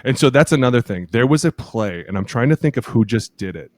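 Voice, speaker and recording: A man in his thirties, a podcast co-host telling lively locker-room stories, acting out quotes and laughing often. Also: medium pitch, quick pace, no room sound. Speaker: podcast co-host, former offensive lineman. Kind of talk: casual chat, animated storytelling.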